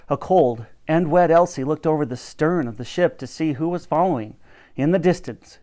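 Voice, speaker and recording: Male storyteller, animated, lively pitch, dramatic reading. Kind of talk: reading a children's book aloud.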